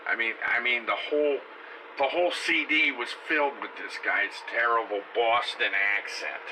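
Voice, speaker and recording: A man's voice: medium pitch, moderate pace, sharp tone, slight background noise, low-quality recording. A middle-aged man chatting casually on a home livestream, reading viewer comments aloud in a rambling way with many fillers and an occasional cough. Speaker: livestream host.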